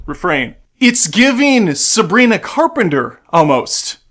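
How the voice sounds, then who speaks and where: Guy doing a snarky trailer reaction, kinda high voice, sarcastic, swears a lot. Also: sing-song, takes it slowly, a bit bright. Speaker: movie trailer reaction host. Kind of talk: casual reaction commentary.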